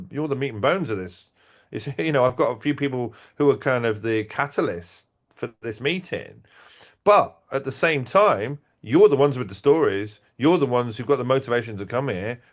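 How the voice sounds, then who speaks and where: A man telling stories in casual talk, animated, acting out quotes and restarting his sentences. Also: mid-range voice. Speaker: event organizer and podcast guest. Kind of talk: casual conversational storytelling.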